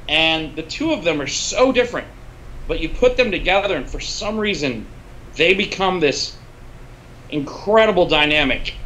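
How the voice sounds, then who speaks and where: Bright-voiced man telling lively stories. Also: fairly high pitch, slight background noise, low-quality recording. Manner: animated, swears freely, uses filler words. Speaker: guest, film cinematographer. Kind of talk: casual storytelling in a podcast interview.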